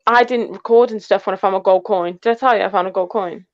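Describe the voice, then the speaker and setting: A woman's voice: mid-range voice, quick pace, no room sound, dull audio. An English woman co-hosting a casual live chat, teasing her friend and reading out viewer comments. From England. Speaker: co-host of a metal detecting channel.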